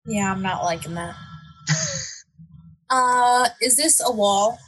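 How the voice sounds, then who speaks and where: A woman's voice: medium pitch, moderate pace, a bit bright, poor audio. A woman playing a tabletop game, hesitant and thinking aloud with fillers. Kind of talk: casual tabletop play.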